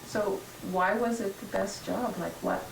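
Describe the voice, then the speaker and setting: Soft-spoken woman asking questions, echoey. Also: mid-range voice, steady tone, measured pace, vocal fry. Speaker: interviewer. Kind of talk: interview questions. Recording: echoey room with background noise.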